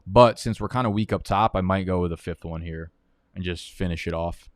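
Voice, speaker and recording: A man's voice: sits low, fairly quick, dry recording, clean studio sound. A man hosting a live fantasy football draft stream, talking in a profane, heated, rambling way.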